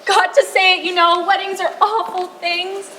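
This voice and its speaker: A young actress playing a tearful mother of the bride, rambling and halting on stage. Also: extremely high pitch, level tone, bright, forceful tone, a little hiss or hum, low-quality recording. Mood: fretful. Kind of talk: live stage acting.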